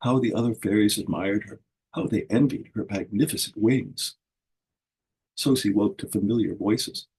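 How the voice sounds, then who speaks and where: A man's voice: fairly low pitch, normal speed, dark tone, slightly rough, rough recording. A man reading a whimsical fairy story aloud at a book launch, giving the characters their own voices.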